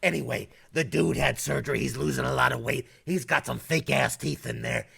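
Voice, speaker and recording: YouTuber, man from North Carolina, Southern accent, raspy fry-heavy voice, crude casual commentary. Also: mid-range voice, a little fast, a bit bright. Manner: crude, profane and blunt.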